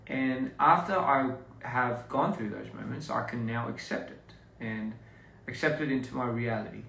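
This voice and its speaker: A man muses on a casual live stream, his speech slow and drifting off into half-mumbled asides. His voice has a gravelly edge. The phone mic sits back from him in an echoey room with faint ambience behind. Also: medium pitch, pushed and bright, far from the mic, a little hiss or hum. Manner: slow, reflective, trailing off into mumbles.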